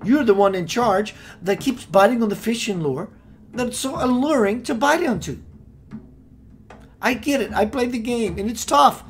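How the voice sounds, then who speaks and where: A man hosting a spiritual radio show, preaching with playful rhymes and sudden swings between loud and hushed. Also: very high voice, normal speed, a little hiss or hum. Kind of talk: impassioned spiritual talk.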